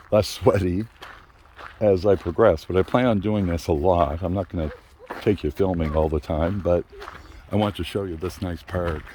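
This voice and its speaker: A man's voice: sits low, normal speed, warm tone, slight background noise. An older man vlogging casually on an outdoor park trail, out of breath and panting between phrases. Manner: chatty, panting between phrases, apologetic, laughs often. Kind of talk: casual walking vlog.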